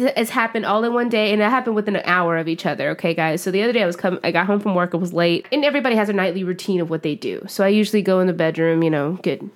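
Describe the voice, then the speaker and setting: Woman co-host, casual book podcast chat, slightly low pitch, chatty and giggly, slangy storytelling.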